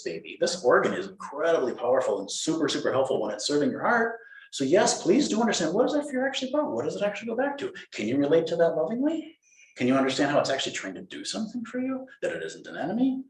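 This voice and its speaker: A man giving a dharma talk as a Zen teacher, playful and animated, acting out inner voices. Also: on the high side. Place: meditation hall. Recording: roomy hall echo.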